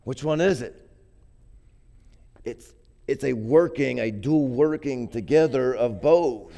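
A man's voice: mid-range voice, takes it slowly, vocal fry, warm tone. A man preaching a sermon in a conversational way, often repeating words and building to emphatic peaks. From grew up poor.

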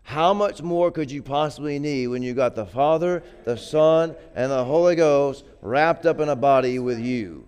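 A man's voice: a little high, moderate pace, few pauses, darkish tone, clean tone. A man preaching a sermon in a conversational way, often repeating words and building to emphatic peaks. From grew up poor.

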